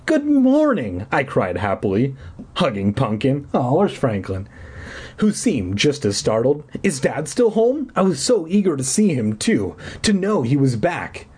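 Husky man doing a mock-dramatic read. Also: medium pitch, very animated, unhurried, a little mellow. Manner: mock-dramatic reading with crude asides. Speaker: reader. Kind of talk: comedic reading of a children's book.

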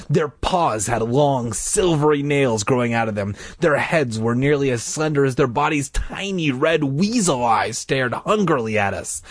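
A man with a husky, slightly raspy voice reads a spooky children's story out loud. His delivery swings up and down with lively, dramatic inflection, and the sound is close and dry. He tells it casually, adding jokey asides. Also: medium pitch, no echo. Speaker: reader. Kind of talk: casual read-aloud of a spooky children's book.

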